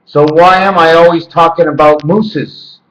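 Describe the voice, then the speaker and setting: A man's voice: fairly high pitch, fairly even intonation, unhurried, fairly bright tone. Rambling man, echoey lo-fi home video. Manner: rambling, jumps between loose word and number associations. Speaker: vlogger. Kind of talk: rambling monologue to camera. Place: indoors at home. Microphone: handheld camera. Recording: echoey, dull lo-fi camera audio.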